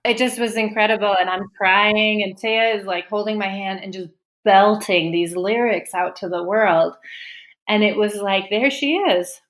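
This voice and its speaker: A woman's voice: medium pitch, fairly even intonation, moderate pace, a bit bright. A woman guest, a teacher and mother, telling a personal story in a podcast interview with heartfelt feeling and at times near tears. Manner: heartfelt, openly moved, retelling with quoted dialogue. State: tearful at times.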